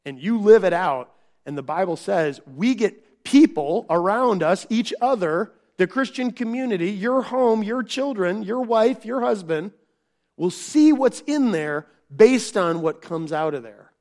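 A man preaching a conversational sermon, asking his listeners rhetorical questions and acting out quoted voices with big swings in pitch and volume. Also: expressive, unhurried, darkish tone. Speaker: pastor.

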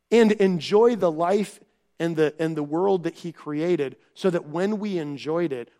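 Pastor, male, high voice, chatty preaching, lots of restarts and rhetorical questions. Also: a little mellow. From Minnesota. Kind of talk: sermon.

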